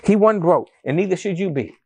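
Man preaching a sermon at church, animated, keeps asking the crowd questions, chatty style. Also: high voice, brisk, husky. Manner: addresses the congregation as family, calls for responses. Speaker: pastor. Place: church service with a congregation.

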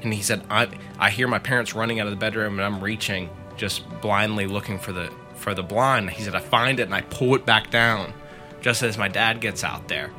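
Over music, a man with a lowish, steady voice briskly retells a story to friends on a podcast. As co-host, he stays chatty, filling it with "like" and "he said."

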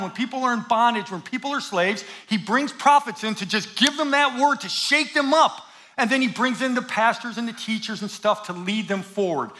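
A middle-aged man preaching a sermon in church as a guest pastor, lively and joking, then hushed and slow in prayer. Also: high-pitched. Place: church in front of a congregation.

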